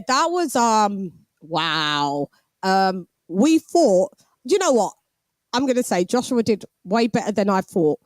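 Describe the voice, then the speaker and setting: A woman's voice: medium pitch, dry recording. A British woman in her forties hosting a boxing live stream, chatting casually and laughing while reading out viewer messages. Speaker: boxing show host.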